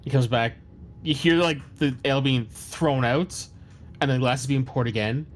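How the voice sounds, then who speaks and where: A man's voice: medium pitch, moderate pace, a little hiss or hum. Man narrating as game master. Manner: loose, descriptive with fillers. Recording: faint background music.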